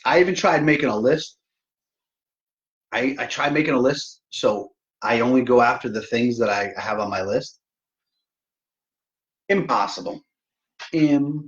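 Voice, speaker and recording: A man's voice: mid-range voice, moderate pace, a bit bright, lo-fi sound. A middle-aged man hosting a casual live stream from home, joking at his own expense and talking straight to his viewers. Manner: joking, self-mocking, talks straight to viewers. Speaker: livestream host.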